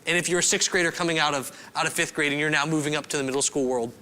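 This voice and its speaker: A young man speaking as a youth pastor in a casual, animated, self-deprecating way, rambling a little as he explains. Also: on the high side, racing. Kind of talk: casual youth service talk.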